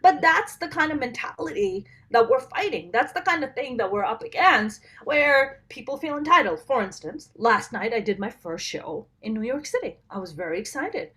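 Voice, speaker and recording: A woman in her late thirties, from Pakistan, talks comedy and tells stories in an animated way. Her voice sits high and her pitch moves a lot, and she slips into the voices of the people in her stories. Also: moderate pace, few pauses. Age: 30s. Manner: animated storytelling, acts out quoted exchanges. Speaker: comedian and show producer. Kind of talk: casual interview chat.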